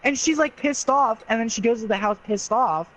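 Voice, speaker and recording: A man co-hosting a casual movie review podcast, animated and exasperated, swearing freely. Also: very high voice, normal speed, low-quality recording. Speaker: podcast co-host.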